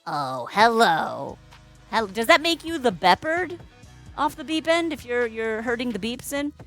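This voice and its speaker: A woman's voice: high-pitched, expressive, moderate pace, a bit bright, soft background music. A woman hosting a casual livestream as a balloon artist, chatty and playful, greeting viewers and making puns. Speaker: balloon artist streamer host.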